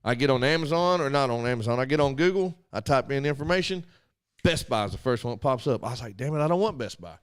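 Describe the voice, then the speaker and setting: A man's voice: mid-range voice, expressive, fast talker, clean tone. A man co-hosting a casual radio talk show, animatedly telling a story and acting out both sides of phone calls. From Arkansas.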